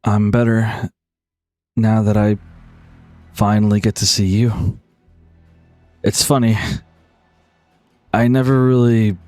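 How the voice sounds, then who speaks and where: A man playing a wry young male adventurer who speaks softly and mocks himself a little, in a tabletop game. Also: lowish voice, no room sound. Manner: soft, wry and self-deprecating.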